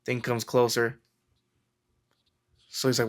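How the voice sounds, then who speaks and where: This self-help vlogger's voice is mid-range and creaky, with a level tone and a brisk pace broken by frequent pauses. He rambles casually to camera about mindset, telling stories stuffed with fillers and acting out quotes.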